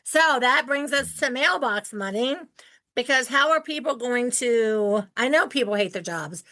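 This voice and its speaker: Podcast host, woman in her sixties from Ohio, bright higher voice, animated storyteller. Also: a little slow. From Ohio, United States. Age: 60s. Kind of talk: casual interview chat.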